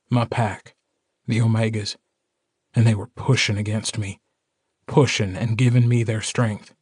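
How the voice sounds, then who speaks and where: A man narrating a first-person audiobook in a measured, steady storytelling manner. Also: medium pitch, no room sound, studio quality.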